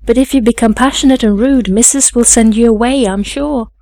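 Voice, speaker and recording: A woman's voice: a little high, a little fast, warm tone, no room sound, lightly acted. A woman voicing a stern but kindly nursemaid who scolds firmly. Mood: scolding. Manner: firm, scolding and admonishing.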